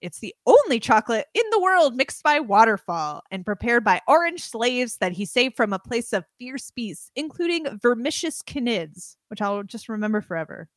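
A woman's voice: a little high, sing-song, normal speed, few pauses, dry recording, clean studio sound. A young adult woman co-hosting a podcast in a casual, joking chat, swearing freely. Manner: playful, swears, jokey. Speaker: podcast co-host.

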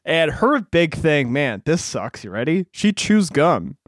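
A man's voice: on the high side, big pitch swings, unhurried, no echo, studio quality. A man co-hosting a casual chat, recapping a film in a loose, joking way with some swearing. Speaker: podcast co-host recapping a film.

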